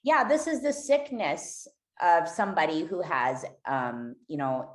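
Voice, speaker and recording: A woman's voice: deep voice, lively intonation, unhurried. A woman guest on a podcast, candidly telling a raw, emotional personal story and swearing freely.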